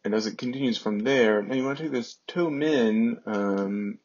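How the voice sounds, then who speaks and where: A man teaching ancient Greek in an unhurried way, often pausing with fillers. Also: mid-range voice, a little mellow, dull audio. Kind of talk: slow explanatory lesson.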